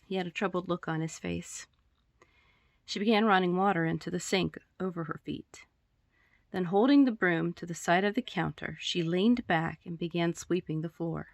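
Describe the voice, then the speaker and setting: Low-voiced woman reading her story casually. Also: moderate pace, no echo. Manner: chatty, giggly, with throat-clearing asides. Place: room at home with poster backdrop.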